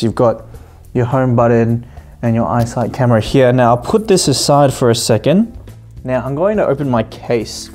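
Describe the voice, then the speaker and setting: A man hosting his own tech channel, narrating an unboxing in a casual, excited way, often pausing on um and correcting himself mid-sentence. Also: medium pitch. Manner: excited, chatty, often pauses with um and self-corrections. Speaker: tech video host.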